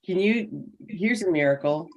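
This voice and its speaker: A woman's voice: lowish voice, lively intonation, unhurried, a little mellow. A middle-aged woman on a panel, telling a personal story and acting out the dialogue. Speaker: panel guest. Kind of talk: casual panel talk, storytelling.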